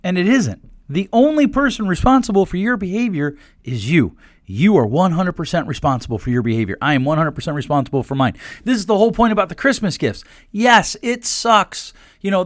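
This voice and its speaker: A man's voice: sits high, no echo, clean studio sound. A man in his forties hosting a solo podcast, talking bluntly and animatedly, quoting people in put-on voices. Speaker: podcast host.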